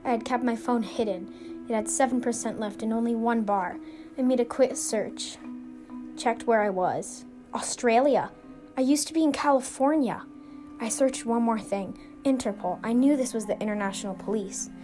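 A woman narrates a scripted suspense story in an earnest, steady manner, her voice pitched on the higher side. She hosts the show. Clear music plays behind her narration. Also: normal speed. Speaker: storyteller and podcast host.

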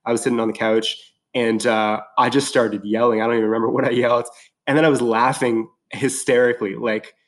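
Rambling, excitable man chatting casually. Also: medium pitch, fairly quick. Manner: excited, rambling with many fillers and restarts. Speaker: podcast guest. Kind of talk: casual chat.

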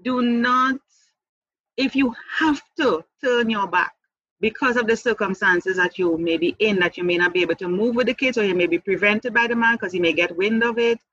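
In a mid-range, fairly bright, husky voice at normal speed, an adult mother offers candid testimony about her own life as an interview guest. She speaks earnestly, often restarting and repeating words, with light laughter. There's no room sound, but the recording is muffled.

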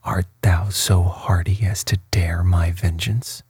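A man's voice: sits low, dry recording, heavily acted. A man reading a wrathful tyrant prince. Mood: angry. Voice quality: hushed, breathy. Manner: slow, even storybook delivery.

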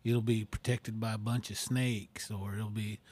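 A man with a lowish, mellow voice talks casually on a podcast. He speaks in relaxed bursts, pausing on "you know" and "um" between ideas. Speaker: podcast co-host. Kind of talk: casual chat.

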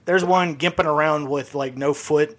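Guy chatting on a podcast, bit high voice, laughs a lot, dry jokes. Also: steady tone, moderate pace, over a noisy crowd. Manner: laughs often, dry wisecracks. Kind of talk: casual podcast chat.

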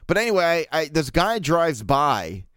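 A thirtysomething man from Baltimore, USA, hosts a casual solo podcast, rambling and cracking crude jokes with plenty of fillers. His voice is on the high side and sing-song, with a measured pace and a fairly bright, clear, resonant tone. The studio-quality recording has no echo.

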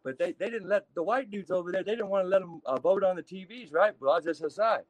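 A man from Texas telling prison stories in a casual, profane, animated way, acting out the people in them. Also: high-pitched, fast, no echo. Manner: profane, animated storyteller acting out other inmates. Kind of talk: casual storytelling.

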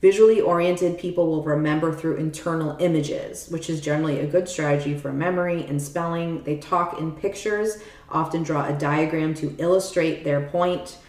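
A woman's voice: low voice, steady tone, moderate pace, darkish tone, echoey room. A woman co-hosting a podcast, explaining things in casual chat, often saying "like" and checking that her listener follows. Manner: chatty, leans on "like" and frequent check-ins. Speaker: podcast co-host explaining a topic. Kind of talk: casual explanatory chat, reading passages aloud.

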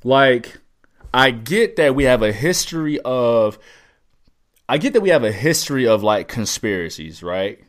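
Animated, profane man on a podcast. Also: medium pitch, unhurried. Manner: profane, excitable, riffing rants. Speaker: podcast co-host. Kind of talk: casual chat.

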